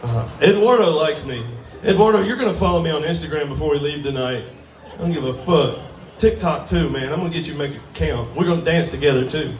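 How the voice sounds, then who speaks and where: A man's voice: fairly high pitch, fast, a little mellow, a little hiss or hum. Crude man doing stand-up. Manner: drawling, crude, self-mocking. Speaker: stand-up comedian. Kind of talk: stand-up comedy set. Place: brewery stage with live audience. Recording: roomy live venue from a distance.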